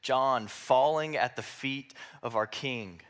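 A man's voice: medium pitch, slow pace, a bit bright. A man preaching a sermon, reading Bible verses aloud with emphasis and breaking into casual explanatory asides. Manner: expounding scripture, reads verses aloud with emphasis; conversational asides with fillers like "like". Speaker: pastor.

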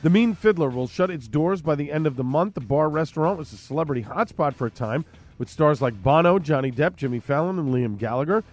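A man reading local news headlines on the radio in a crisp, steady newsreader delivery. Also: fairly high pitch, a little fast, faint music behind.

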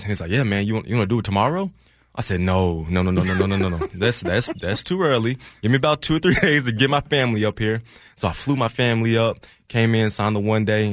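A man's voice: on the low side, no room sound. A man in his thirties, a former football player, chatting casually as a radio studio guest and laughing often. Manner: laid-back, laughs often, drawn-out repetitions.

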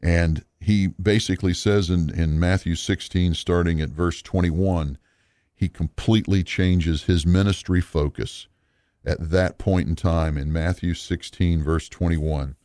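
A man teaching a recorded Bible lesson in an earnest, measured, explanatory way. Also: low voice, fairly even intonation, dark tone, no room sound, studio quality.

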